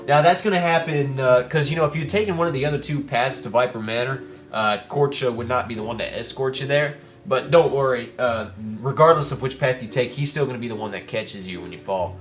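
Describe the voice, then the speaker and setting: A man's voice: mid-range voice, fairly quick, faint music behind. A man giving casual, rambling let's-play commentary with playful asides while reading game dialogue.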